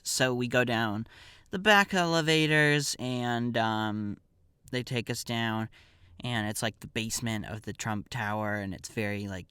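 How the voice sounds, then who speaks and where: Guy casually telling a funny story on his podcast, wry and rambly, smooth clean voice, dry close sound. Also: fairly low pitch, sharp tone, no echo. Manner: wry, digressive, offhand.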